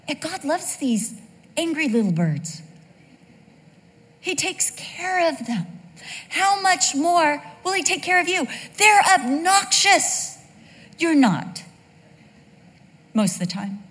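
An animated woman preacher delivering a sermon, mixing scripture with jokes. Her voice sits fairly high, and a long reverb trails each phrase as if in a large hall. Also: unhurried, long pauses. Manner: animated, joking.

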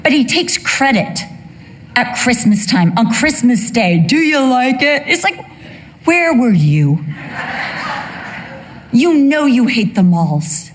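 A woman's voice: on the high side, sing-song, slow, long pauses, a little hiss or hum. An older woman telling a humorous personal story that turns into a sermon, acting out the voices she quotes. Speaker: speaker giving a testimony.

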